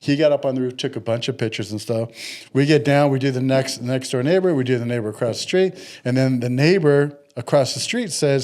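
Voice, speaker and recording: In casual podcast conversation, a middle-aged man tells a story with animation, imitating the people he quotes. His pitch is medium and he speaks a little fast.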